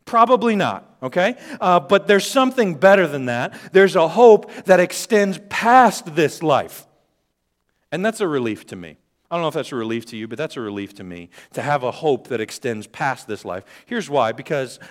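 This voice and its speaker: A man preaching a sermon, shifting between quiet and loud passages and joking with the congregation. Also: medium pitch. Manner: dynamic, swings from quiet to loud. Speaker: pastor.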